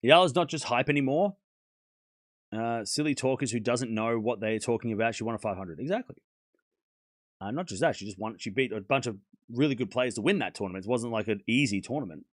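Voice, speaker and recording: A man with a sore throat hosting a tennis livestream, chatting casually to his viewers in a blunt, animated way and scolding them when they get rude. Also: medium pitch, brisk, no echo, studio quality.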